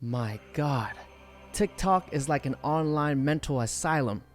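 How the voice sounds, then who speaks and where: A woman's voice: sits low, animated, measured pace, over loud music. A woman hosting a commentary video, speaking in a dry, mocking tone over clips. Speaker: commentary host.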